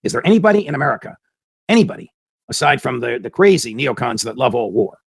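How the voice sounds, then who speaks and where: Male commentary host, husky gravelly voice, dry close sound, emphatic and argumentative. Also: medium pitch, no echo. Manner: emphatic, with hammering rhetorical questions. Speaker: political commentary show host. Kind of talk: opinionated commentary monologue.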